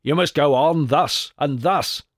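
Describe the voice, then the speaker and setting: A man's voice: fairly high pitch, unhurried, dry recording, clean studio sound, pitched above the performer's own voice, lightly acted. A man reading aloud, voicing an ancient shape-shifting male sea spirit who has been caught and gives in grudgingly. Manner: breathless, pleading then grudging.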